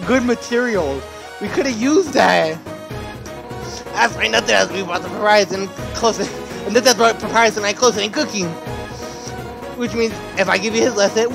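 A man's voice: high voice, a little fast, gravelly, music in the background. Playful man commenting on a game. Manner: playful, laughing, jumpy loud asides. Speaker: gaming streamer. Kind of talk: let's play commentary.

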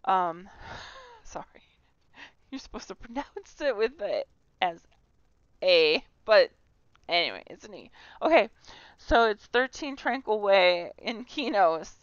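A woman's voice: medium pitch, animated, takes it slowly, pauses often, clean tone, no echo, dull audio. A woman hosting a casual tour of a game house, chatty, giggly and self-deprecating. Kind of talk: casual gameplay tour commentary.

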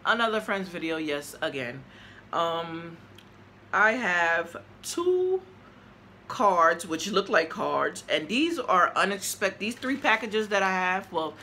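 A woman's voice: on the low side, pushed and bright, slight background noise. A woman opening fan mail for her vlog, chatty and gushing as she talks straight to her viewers. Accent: New York. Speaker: vlogger.

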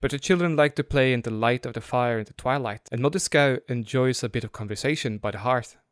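A polite youngest sister speaks softly and with courtesy, as a male storyteller reads her. The voice sits at a middle pitch and the reading is dry, with no room around it. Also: quick pace, no room sound, lightly acted. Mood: courteous.

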